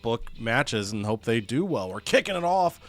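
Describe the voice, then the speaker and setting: A man's voice: mid-range voice, sing-song, normal speed, faint music behind. Playful man recapping his wrestling show. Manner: playful, quips and acts out wrestlers' lines. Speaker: co-host recapping a wrestling game. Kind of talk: casual gaming chat.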